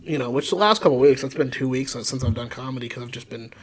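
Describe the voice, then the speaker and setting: A man's voice: mid-range voice, quick pace, a crowd in the background. A man, a comedian guest, chatting casually on a podcast and rambling with lots of filler words.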